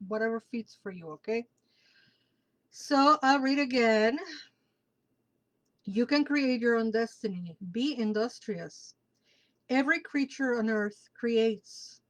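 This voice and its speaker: A woman's voice: fairly high pitch, rough recording. A woman hosting a casual live tarot reading, emphatic and emotional, repeating key words for stress and laughing between lines. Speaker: tarot reader and show host.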